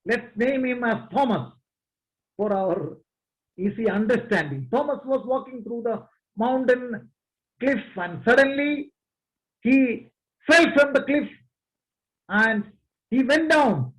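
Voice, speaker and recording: Slow, high-voiced preacher. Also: male voice, expressive, low-quality recording. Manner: slow, emphatic, addresses the congregation. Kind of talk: sermon.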